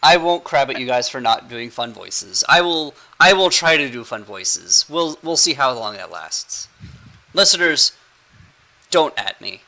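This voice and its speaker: Giggly man with a bright voice. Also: mid-range voice, lively intonation, measured pace, rough recording. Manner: giggly, playful, rambling. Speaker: game master and podcast host. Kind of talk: casual podcast chat.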